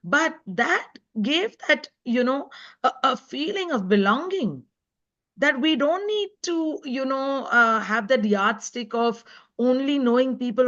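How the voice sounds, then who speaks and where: A woman's voice: high-pitched, animated, unhurried, fairly bright tone. A woman author speaking as a guest in a live online talk, earnest and emphatic. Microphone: video call. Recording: dull lo-fi web call audio.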